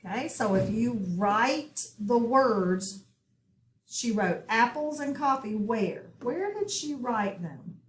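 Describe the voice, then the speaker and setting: A woman teaching a phonics worksheet, patient and deliberate, saying each word twice. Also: a little high, lively intonation, echoey room, slight background noise. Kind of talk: slow, deliberate phonics lesson.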